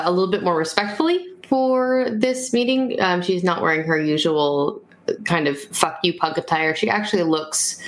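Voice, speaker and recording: A woman's voice: on the low side, fairly bright tone, rough recording. A woman player describing her character in a tabletop role-playing game, hesitant with many fillers.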